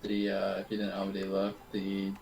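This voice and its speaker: A man's voice: low voice, monotone, moderate pace, gravelly, a little mellow. A man joining a game stream over voice chat, teasing and easygoing. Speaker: friend on voice chat. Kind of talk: casual gaming chat. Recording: roomy echo.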